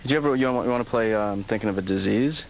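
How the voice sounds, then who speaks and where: A man's voice: fairly low pitch, background noise, lightly acted. A man voicing a mumbling slacker son. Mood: deadpan. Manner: mumbling, halting, deadpan.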